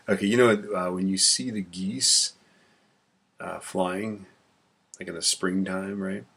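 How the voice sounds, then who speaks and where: A deep-voiced male instructor with a heavy gravelly rasp and a very husky tone. He talks through a classroom lecture in a rambling way, muttering sums half under his breath. He slips corny jokes in between topics. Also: fairly even intonation, takes it slowly, pauses often, a bit bright.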